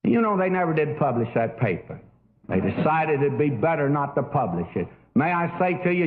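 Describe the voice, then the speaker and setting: Older preacher, phone-like narrow sound. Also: male voice, on the high side. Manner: folksy storytelling with many fillers. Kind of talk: sermon.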